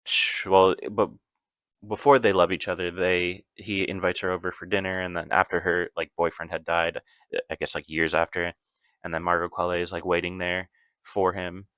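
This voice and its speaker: A man's voice: low voice, level tone, moderate pace, fairly bright tone, clear, resonant tone, no room sound. A man casually recapping a movie plot, rambling loosely with lots of fillers and self-corrections.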